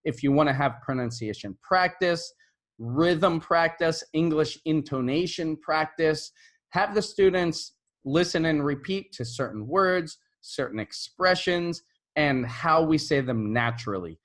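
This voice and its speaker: A man who is an English teacher, giving teaching tips to camera in a relaxed, conversational way and often checking in with "right?". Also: on the high side, unhurried. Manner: models intonation by repeating example phrases.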